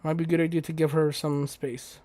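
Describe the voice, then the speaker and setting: A man's voice: a little high, level tone, a little fast, a little mellow, no echo. A young man playing a game on stream, reading its text aloud and breaking off into crude, joking asides. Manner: crude, joking asides between read lines. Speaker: let's play host. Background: faint game music.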